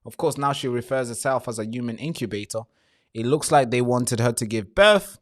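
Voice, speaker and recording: A man's voice: mid-range voice, brisk. Blunt, swearing live-stream host man. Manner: blunt, swears freely, talks straight to viewers; repeats himself and restarts phrases.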